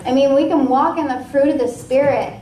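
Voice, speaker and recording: A woman from Washington State sharing a personal testimony at a ministry meeting, in a casual, lively way with many fillers. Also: high voice, fairly quick, distant mic, a little hiss or hum. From Washington State, USA. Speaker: guest speaker at a ministry. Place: ministry meeting room with a live audience. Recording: echoey room, voice from off-mic.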